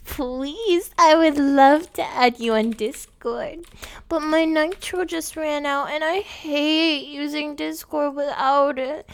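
A woman putting on a high sugary baby voice. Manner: slow, sugary, giggly baby talk. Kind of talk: comedy skit.

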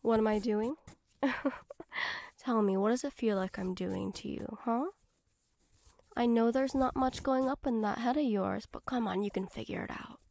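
A woman's voice: a little high, normal speed, gravelly, a little mellow. A woman performing an adult audio role-play as a bossy roommate, teasing and giving orders, often dropping to a whisper.

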